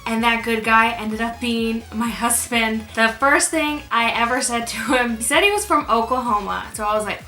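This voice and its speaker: A woman's voice: fairly high pitch, moderate pace, few pauses, bright, forceful tone. A young woman chatting casually in a Q&A vlog, rambling with fillers and restarts. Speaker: beauty YouTuber. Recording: echoey room with music behind.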